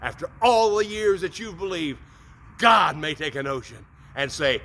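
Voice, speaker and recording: A man hosting a morning devotional talk in an upbeat, folksy way. His voice sits high and bright, and he often doubles words as he speaks. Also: animated, normal speed. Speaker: preacher, motivational host.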